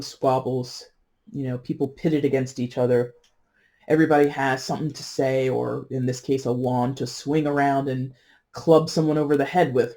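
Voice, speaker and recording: A tarot reader talking through a reading in a casual, digressive way, with many asides, "you know"s and laughs at their own jokes, sometimes slowing to stress key words. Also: medium pitch, mellow.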